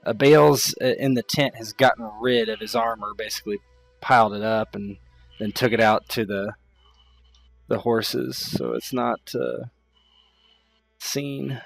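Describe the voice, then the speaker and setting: A man's voice: mid-range voice, fairly even intonation, unhurried, creaky, soft background music. A man narrating as game master in a tabletop game, casual and hesitant with fillers.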